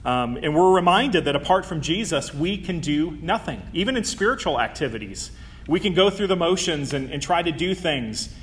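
A man's voice: fairly high pitch, expressive, normal speed, a bit bright. A man preaching a sermon in a conversational way, with frequent ums and small self-corrections.

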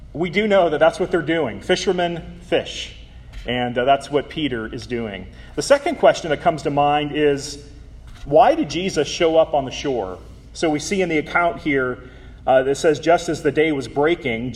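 A man delivers a sermon in an easygoing, talky way, often pausing on "um" and restarting his phrases. His voice sits a little high for a man. Now and then he slips in a light, joking aside. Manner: conversational, with filler ums and self-corrections. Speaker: preacher.

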